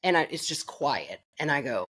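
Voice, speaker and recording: Low-voiced, blunt, swearing woman. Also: big pitch swings, moderate pace, a bit bright, husky. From Florida. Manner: blunt, profane, self-mocking. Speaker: podcast guest. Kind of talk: candid storytelling.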